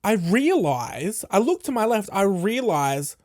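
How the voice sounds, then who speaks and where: Guy with a high voice ranting on his podcast, cussing a lot, doing everyone's lines. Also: measured pace, few pauses, dry recording, studio quality. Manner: animated, profane, acts out quoted people. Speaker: podcast host. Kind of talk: casual storytelling monologue.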